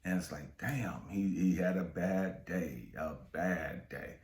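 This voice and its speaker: A man's voice: deep voice, takes it slowly, darkish tone. A man, a spiritual coach, telling a motivational story in a street-casual, profane way, often checking in with his listeners. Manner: street-casual, profane, keeps asking "you know what I mean". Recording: roomy echo.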